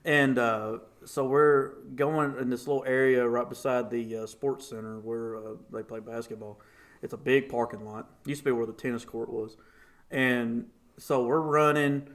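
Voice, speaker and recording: A young man, a podcast guest telling a story casually and acting out the voices in it. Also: moderate pace. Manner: animated, acts out quotes with big pitch jumps.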